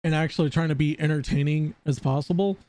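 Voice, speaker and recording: A man's voice: a little high, fairly even intonation, quick pace, a little mellow. A man live-streaming casual commentary, rambling and often stammering over repeated words.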